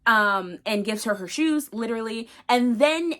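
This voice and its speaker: A woman's voice: a little high, animated, a little slow, a bit bright. Chatty young woman rambling through a book recap, lots of "like", voice goes all over. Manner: rambling, filler-heavy, chatty. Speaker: book reviewer.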